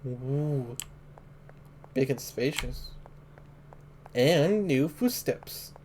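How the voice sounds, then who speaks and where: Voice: mid-range voice, lively intonation, drawn-out words, darkish tone, a little hiss or hum. A gamer casually reading game text aloud. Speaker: let's play host.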